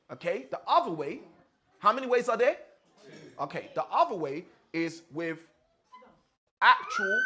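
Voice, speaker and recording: A man's voice: sits high, fairly bright tone. A man, a father of six, leading an interactive teaching session and asking his audience questions. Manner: asks the audience questions often.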